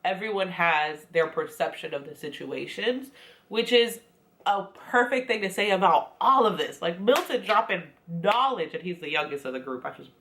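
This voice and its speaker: Woman with a lowish voice doing a chatty sassy tv recap, lots of side comments. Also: animated, moderate pace, a bit bright. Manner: chatty, sassy commentary with quoted asides and laughs. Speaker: recap vlogger. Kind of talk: casual reality TV recap.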